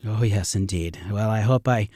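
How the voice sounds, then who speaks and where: A man's voice: fairly low pitch, moderate pace, warm tone, no echo, clean studio sound. A middle-aged man, a river rafting guide, telling stories earnestly and ramblingly in a radio interview.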